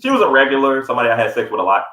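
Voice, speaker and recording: A man's voice: mid-range voice, very fast, very noisy. A man co-hosting a podcast, telling a story in casual chat and acting out the quotes with a raised voice. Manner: animated, acts out quotes in a raised voice. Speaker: podcast co-host. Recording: echoey room.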